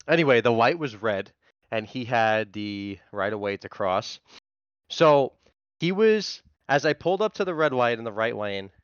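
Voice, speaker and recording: A man in casual chat telling an excitable, profane story about a confrontation at a crosswalk. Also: medium pitch, clear, resonant tone, no room sound, highs cut off.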